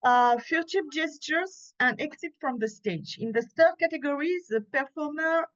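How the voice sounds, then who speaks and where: A woman with a French accent, reading an academic paper aloud at a conference in a careful, measured way, pausing now and then to correct a slip. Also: sits high, fairly bright tone. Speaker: conference speaker. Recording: muffled, lo-fi conference audio.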